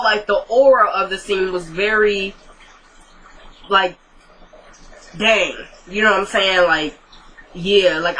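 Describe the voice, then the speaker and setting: Woman, casual TV recap, talkative, quotes characters, bright tone. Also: mid-range voice, slight background noise, rough recording. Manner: retells scenes quoting characters, chatty with likes and asides. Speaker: TV recap vlogger.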